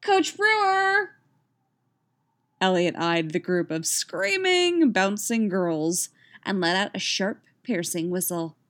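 A woman narrating a novel in a steady, even storytelling voice. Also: lowish voice, a little slow, dry recording. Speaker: audiobook narrator. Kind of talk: scripted narration.

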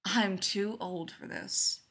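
A woman voicing a weary, gruff father. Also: on the high side, animated, a little fast, bright, forceful tone. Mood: grumpy. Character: tired, exasperated father, a doctor.

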